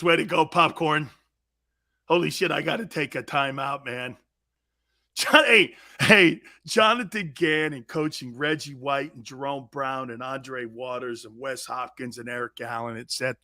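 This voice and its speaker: A man hosting a sports talk show, ranting loudly with frequent laughter, shouts and mocking asides. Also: on the high side, creaky. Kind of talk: energetic sports talk rant.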